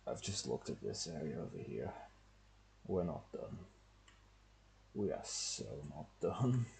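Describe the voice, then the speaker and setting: Deep gravelly man streaming a game. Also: sing-song, a little slow, darkish tone, a little hiss or hum. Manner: muttering thoughts to himself while playing. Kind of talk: casual gameplay commentary.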